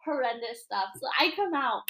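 A woman in her twenties telling customer-service stories in a casual podcast chat, animated and full of profanity, acting out the people she quotes. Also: high voice, normal speed, heavy background noise. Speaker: podcast co-host.

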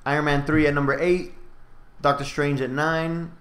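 A man's voice: fairly high pitch, little pitch movement, moderate pace, a bit bright. A man in a casual chat, ranking movies, laid-back and stammering through restarts. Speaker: podcast co-host. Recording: roomy echo.

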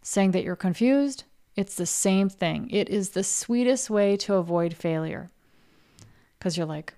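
A woman's voice: medium pitch, expressive, a little slow, dark tone. A woman hosting a casual motivational talk for artists, blunt and frank, swearing freely and acting out the doubting voice in her listeners' heads. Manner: acts out her listeners' inner voice. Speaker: podcast host and coach for artists.

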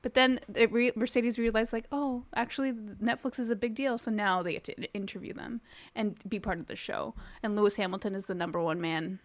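A woman co-hosting a casual podcast chat, excitedly gushing and laughing, swearing now and then. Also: medium pitch, a little fast, dry recording. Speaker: podcast co-host.

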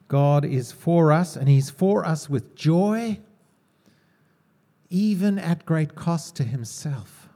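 A man's voice: a little high, darkish tone. A man preaching a sermon in a conversational way, asking the congregation questions.

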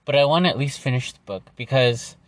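A man hosting his own podcast, talking through personal reflections in an earnest, halting way with fillers and restarts. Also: medium pitch. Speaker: podcast host.

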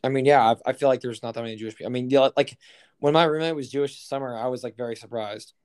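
Young male podcast co-host, mid-pitched, rambling and profane, chatty. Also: steady tone, very fast, darkish tone, smooth. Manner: rambling, heavy on fillers and profanity. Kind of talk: casual chat.

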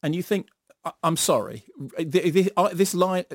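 A middle-aged man giving an animated, sardonic film review in a radio studio, acting out bits in silly voices. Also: sits high, normal speed, no room sound. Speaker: film critic.

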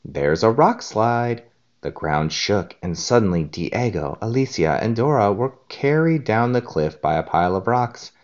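A man reading a storybook aloud to his child in a gentle, expressive way. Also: on the low side, normal speed, hardly any pauses, muffled recording.

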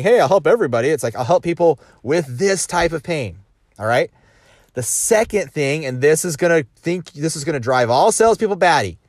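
A man with a slightly higher voice talks through sales lessons in a loose, rambling way, firing off rhetorical questions and restarting his sentences. The recording is dry and close, with no room sound around him. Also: a bit bright, no echo. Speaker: sales coach. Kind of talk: casual monologue on sales.

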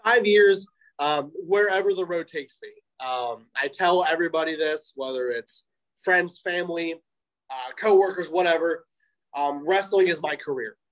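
A man's voice: a little high, moderate pace, low-quality recording. A young man, a professional wrestler, telling a story in a casual interview, acting out what people said with lots of ums. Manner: animated, acts out quoted voices, frequent fillers. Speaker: interview guest, pro wrestler.

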